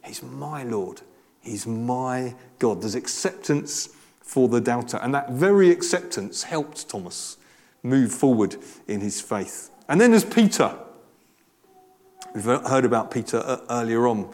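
A man's voice: medium pitch, very animated, measured pace, a little mellow. A man giving a conversational, earnest sermon with frequent restarts. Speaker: preacher.

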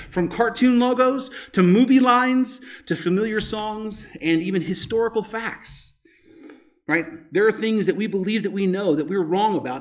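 Conversational preacher man. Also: sits high. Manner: conversational preaching, frequent rhetorical "right?". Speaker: pastor. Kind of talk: sermon.

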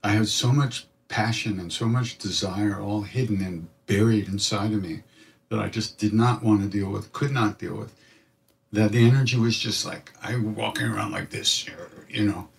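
A man telling a reflective personal story, animated and acting out other people's voices in his quotes. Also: lowish voice, normal speed, gravelly, recorded from a distance. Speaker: spiritual storyteller.

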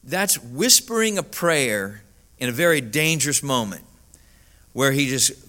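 Male pastor, sermon storyteller, bright forward tone, filler-heavy delivery. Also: medium pitch, expressive, measured pace. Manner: storytelling with many "uh" fillers, rising to emphatic peaks.

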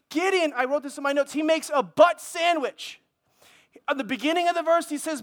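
A middle-aged man preaches a sermon in an unusually high voice for a man. He delivers it with fervor and keeps asking his congregation for an amen. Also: normal speed, a bit bright. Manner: impassioned, calls for amens from the congregation. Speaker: pastor.

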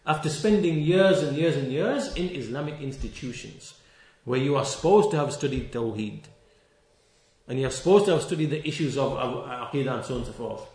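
A man preaching a sermon, stressing key words and repeating them, reciting scripture verses quickly in between. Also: mid-range voice, darkish tone, roomy sound. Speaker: Islamic preacher.

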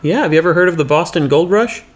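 A man's voice: on the high side, animated, fast. A man hosting a podcast, improvising a story in a rambling, playful way with sound effects. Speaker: podcast host.

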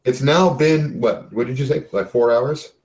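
A man runs a tabletop game as game master, describing scenes in a relaxed, plain voice of middle pitch. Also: moderate pace, slight background noise, rough recording.

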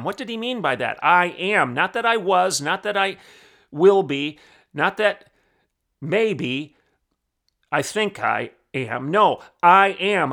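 A man's voice: mid-range voice, gravelly, bright, forceful tone. A man hosting a podcast, preaching in emphatic, repetitive declarations. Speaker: podcast host.

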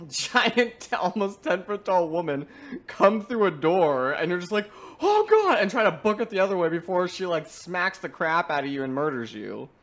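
A young man chatting casually about video games, animated and often breaking into laughter. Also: sits high, normal speed.

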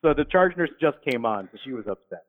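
Man telling stories over a tinny line. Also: quick pace. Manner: animated, acts out drunk patients in high voices. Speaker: guest, former paramedic. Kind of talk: casual storytelling. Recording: tinny phone-like sound.

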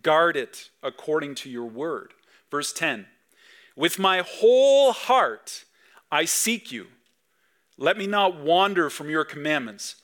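A man in his thirties, a pastor preaching a sermon with emphatic swings between loud and soft. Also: on the high side, a little slow. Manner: acts out dad talking to his kids.

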